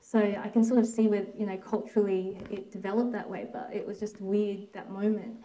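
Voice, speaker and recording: A woman from Australia telling a personal family story in a reflective, anecdotal way, with soft laughs and quoted asides. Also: mid-range voice, little pitch movement, brisk, slight background noise, low-quality recording.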